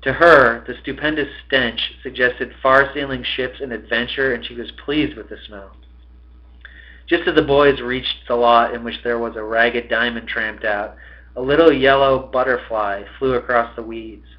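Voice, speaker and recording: A man's voice: medium pitch, a little slow, lo-fi sound. Man reading a novel aloud expressively. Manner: expressive reading, breaks off to swear at his own slips. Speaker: podcast host reading a novel.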